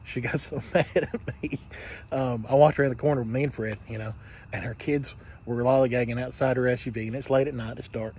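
A man's voice: medium pitch, steady tone, fairly quick, darkish tone, husky. Candid joking man vlogging at night. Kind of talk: casual late-night vlog.

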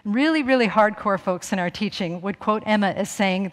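A woman's voice: mid-range voice, lively intonation, normal speed, few pauses, big-room sound. A middle-aged woman minister giving a chatty, self-mocking sermon, laughing often. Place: church sanctuary.

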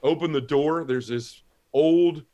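A man's voice: a little high, takes it slowly, dark tone, muffled recording. A man guest on a talk show, telling his personal conversion story and acting out the dialogue as he goes. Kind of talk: personal testimony.

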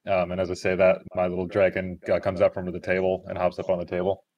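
A man introducing his character in a tabletop role-playing game, speaking in a relaxed, hesitant way with many fillers. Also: low-pitched, fast, highs cut off. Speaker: tabletop player.

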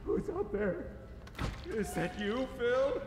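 An actor playing a suspicious, reclusive man who shouts demands through a closed door in a video game. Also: very high-pitched, big pitch swings, slow pace, loud music behind the voice, exaggerated voice. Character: reclusive, paranoid man shut behind a door. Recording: echoey hall with noise.

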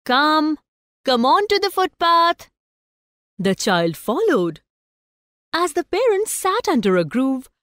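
A woman, narrating a story for students in a slow, expressive way and asking the class questions. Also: fairly high pitch, no echo, clean studio sound.

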